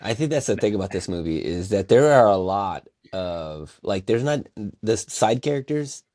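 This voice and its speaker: A man co-hosting a casual podcast, talking in an animated, rambling way and laughing often. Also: lowish voice, normal speed, no echo, clean studio sound. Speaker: podcast co-host. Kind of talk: casual chat.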